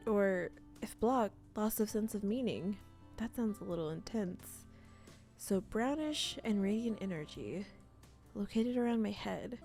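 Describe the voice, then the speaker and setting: Hosting a let's play of a cozy role-playing game, a woman with a mellow, medium-pitched voice reads the visual novel's text aloud and tosses in playful asides.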